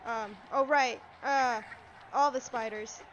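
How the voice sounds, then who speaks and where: High-voiced excitable woman gaming streamer. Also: takes it slowly, highs cut off, a little hiss or hum. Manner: excitable, yelps and talks back to enemies. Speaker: let's play streamer. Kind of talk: live gameplay commentary.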